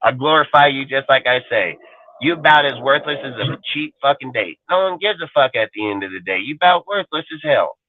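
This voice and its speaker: A man's voice: mid-range voice, lively intonation, fairly quick, no room sound. Profane, defiant man on a tinny line. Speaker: sports talk show host. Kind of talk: profane live-show rant. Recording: tinny phone-like dry line.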